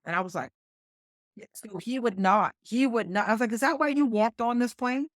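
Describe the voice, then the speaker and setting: A middle-aged woman with a West Virginia accent, a combat flight nurse telling a story as a podcast guest, animated and acting out what others said. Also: medium pitch, a little fast, no echo, clean studio sound. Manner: animated, quotes others in lively voices. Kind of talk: conversational storytelling.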